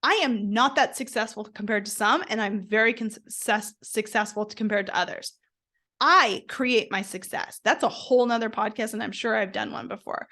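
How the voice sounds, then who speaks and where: Woman host, somewhat high voice, blunt and emphatic, swears often, motivational solo podcast. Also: normal speed, sharp tone.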